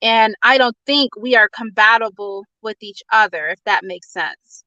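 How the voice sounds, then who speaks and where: A woman's voice: fairly high pitch, moderate pace, pushed and bright, no room sound, highs cut off. An out-of-breath woman giving blunt opinions in a casual chat, talking over the other speaker. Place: in her car on a work break.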